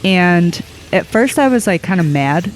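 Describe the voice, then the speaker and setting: A podcast co-host talks slowly and hesitantly, pausing on fillers while working through a thought. The chat is relaxed, with faint music behind it. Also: medium pitch, rough recording. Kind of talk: casual chat.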